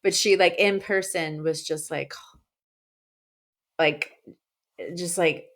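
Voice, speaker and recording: A woman's voice: lowish voice, steady tone, takes it slowly, a bit bright. A woman co-hosting a podcast in casual chat, telling stories with lots of fillers and the odd swear word. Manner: chatty, swearing, many fillers. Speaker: podcast co-host.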